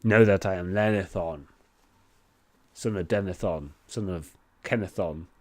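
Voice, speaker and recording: A man voicing a huge, ancient male blue dragon who speaks in grand, slow, haughty pronouncements. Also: low voice, no echo. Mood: regal.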